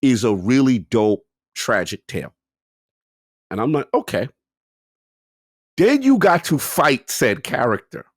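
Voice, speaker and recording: An animated man co-hosting a gaming podcast, telling a long story in casual chat. His pitch swings widely as he acts out his own reactions, and the sound is dry and close. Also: a little slow, long pauses, no room sound. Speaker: podcast co-host.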